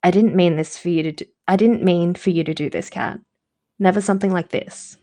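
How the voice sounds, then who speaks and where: A woman's voice: fairly low pitch, steady tone, a little fast, warm tone, lightly acted. Woman reading a tense young man on a phone. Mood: strained.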